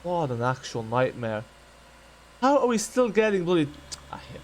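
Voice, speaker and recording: A man's voice: a little high, sing-song, normal speed, slight background noise. A man hosting a game channel, ranting in exasperation at a buggy simulator, stammering and repeating himself. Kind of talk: ranting gameplay commentary.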